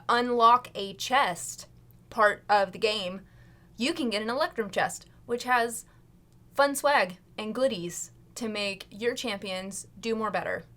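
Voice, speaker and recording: Slow, goofy woman doing a sponsor plug. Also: on the high side, a bit bright. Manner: goofy, slangy, unhurried. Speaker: cast member reading a sponsor plug. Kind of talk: playful sponsor read.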